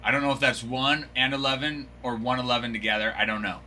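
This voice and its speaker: A man's voice: medium pitch, level tone, fast, pushed and bright, a little hiss or hum. A man hosting a card break livestream, joking and laughing as he answers viewers by name. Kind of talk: casual livestream chat.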